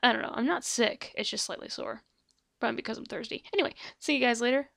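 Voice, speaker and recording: A woman with a slightly sore throat talks softly and a little breathily, hesitating as she presents her voices. Her voice sits fairly high, and the recording is dry and close. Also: fast, creaky, no room sound. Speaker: voice actor auditioning. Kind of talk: casual audition video. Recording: dry close headset mic.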